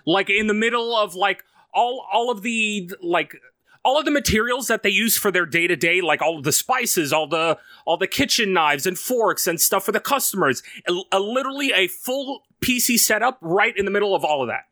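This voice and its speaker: A man casually telling a profane, animated story about his day, swearing constantly and laughing as he goes. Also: high-pitched, moderate pace, no room sound.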